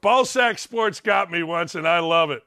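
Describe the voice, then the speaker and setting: A man hosting a sports talk show in a high-pitched voice. His tone is bright and sharp. He rants sarcastically and mocks with loud bursts. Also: normal speed. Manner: sarcastic, mocking, loud outbursts, frequent laughing asides.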